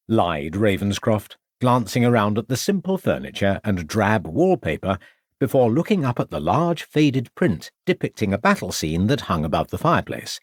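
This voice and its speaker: Brief: male audiobook narrator, low voice, lively intonation, measured. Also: breathy edge, no echo, studio quality. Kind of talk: scripted narration.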